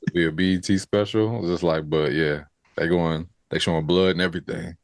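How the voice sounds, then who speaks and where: Very deep-voiced man, laid-back chat. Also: fairly quick, dry recording, clean studio sound. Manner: relaxed, loose slang, fillers like "you know what I mean". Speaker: podcast co-host. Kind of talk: casual review chat.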